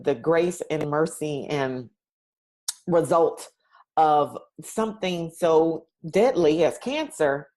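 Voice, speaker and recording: Woman podcast host, lower register. Affirming, thoughtful responder. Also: darkish tone. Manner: affirming, reflective. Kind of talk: casual podcast conversation.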